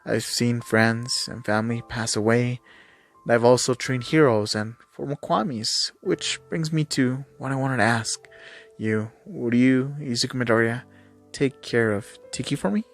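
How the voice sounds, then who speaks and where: A man reading fan fiction aloud, voicing an ancient heroine woman who is a calm, patient, gently teasing mentor. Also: mid-range voice, measured pace, faint music behind, lightly acted.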